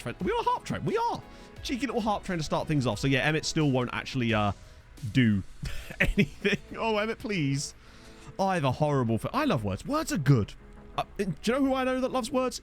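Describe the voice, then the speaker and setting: A man chatting casually on a game live stream, rambling and joking while he reads out messages from his chat. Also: medium pitch. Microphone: desk microphone.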